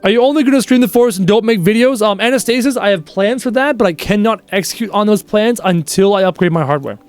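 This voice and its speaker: A man's voice: sits high, fast talker, dry recording, faint music behind. A man live-streaming a game, chatting casually and reading out viewers' messages in a playful way. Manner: chatty, reads chat aloud, playful.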